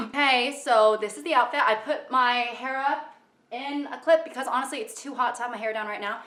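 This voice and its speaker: Woman vlogger, casual makeup chat, slightly high voice, rambling crude humor, echoey room at home. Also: normal speed, a bit bright. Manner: chatty, rambling, crude jokes, lots of fillers. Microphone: camera mic, at times far from it.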